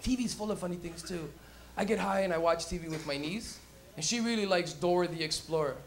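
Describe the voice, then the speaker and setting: A man's voice: sits high, a little fast. A young man doing live stand-up comedy on a club stage, rowdy and profane, acting out everyday scenes in silly voices.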